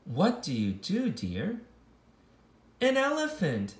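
A kindergarten teacher reads a picture book aloud at a very slow, deliberate pace, with pitch swooping high and low as they jump between playful character voices. The voice rings around a roomy classroom with a clear echo. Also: wildly swooping pitch.

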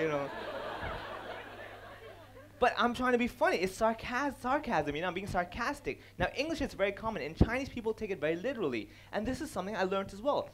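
Animated man on stage, lively pitch. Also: fast talker, slight background noise. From India. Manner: animated, acts out other people's lines, laughs at own jokes. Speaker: stand-up comedian giving a talk. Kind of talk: stage talk on comedy, switching between English and Cantonese.

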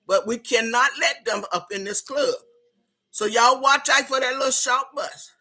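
A woman playing a loud, brassy big woman who hosts a party club, hollering her welcomes and slightly out of breath. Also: a little high, breathy edge. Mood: bossy. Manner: hollering, drawn-out, Southern-style slang. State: a little out of breath. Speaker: host. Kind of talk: comedic character monologue.

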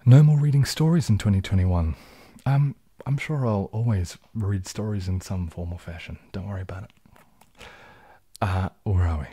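Low husky soft-spoken man. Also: moderate pace. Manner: relaxed, rambling, drops into whispers, reads chat aloud. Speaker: ASMR livestream host. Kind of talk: casual soft-spoken livestream chat.

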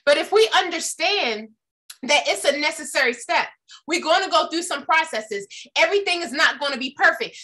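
Bright, high-voiced woman giving a motivational talk. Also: expressive, normal speed. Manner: emphatic, asks the audience questions, tells personal stories. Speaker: motivational speaker.

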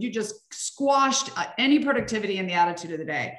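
A woman talking as a guest in a casual conversation, chatty and animated, acting out little scenes. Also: fairly high pitch, fast, few pauses. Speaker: guest, practice consultant. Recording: echoey room.

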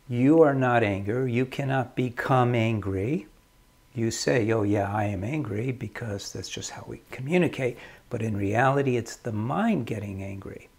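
Slow, husky-voiced man giving advice. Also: mid-range voice, darkish tone. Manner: slow, measured, repeats key phrases. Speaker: marriage counselor. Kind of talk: calm advice talk.

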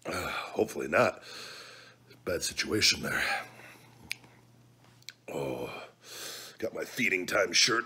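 A man's voice: deep voice, very animated, takes it slowly, pauses often, pushed and bright, breathy edge. A man hosting his own vlog, talking casually and loosely with joking, profane banter through a hot food challenge at home. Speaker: vlog host.

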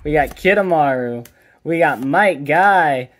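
A man's voice: fairly high pitch, animated, takes it slowly, a bit bright, a little hiss or hum. A man hosting a card pack opening, chatting casually and calling out each card as he pulls it. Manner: upbeat, chatty, calls out each card as pulled. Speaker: card collector and channel host.

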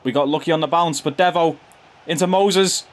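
A young man giving casual, slangy commentary over his own football video game, chuckling often and jumping to excited shouts when goals go in. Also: a little high, normal speed. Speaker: gaming YouTuber and streamer. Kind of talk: casual live gameplay commentary.

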